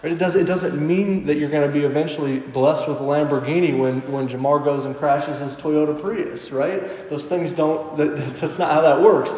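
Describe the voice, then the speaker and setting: A man in his late twenties preaching a sermon in a church hall, reading scripture slowly and emphatically, then joking casually with the congregation. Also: on the high side, fairly even intonation, a little mellow. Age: late 20s. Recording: echoey hall with long reverb.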